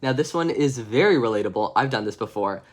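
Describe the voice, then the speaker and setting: A man's voice: mid-range voice, animated, fast talker. A man hosting a livestream, reading children's picture books aloud with playful, chatty asides to viewers. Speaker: streamer reading bedtime stories. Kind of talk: casual storybook reading on a livestream.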